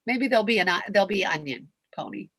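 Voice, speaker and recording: A woman's voice: medium pitch, animated, quick pace, a bit bright, husky, dry recording. A woman speaking as a convention guest, heartfelt and gushing, often laughing as she talks. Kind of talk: emotional Q&A talk.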